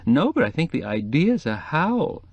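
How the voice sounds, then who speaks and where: A man voicing a chatty, giggly young female decorator in an audiobook, raised in pitch. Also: big pitch swings, unhurried, breathy edge, no room sound, lo-fi sound, exaggerated voice. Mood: amused. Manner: giggly, shrieking with laughter.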